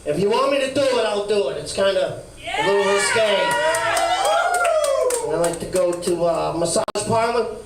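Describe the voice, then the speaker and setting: A man's voice: high voice, lively intonation, normal speed, pauses often, heavy background noise. A man doing a crude stand-up set in a brash lounge-act persona, with mumbled asides, at a comedy club. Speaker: stand-up comic. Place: comedy club stage, live. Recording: echoey room heard from far off.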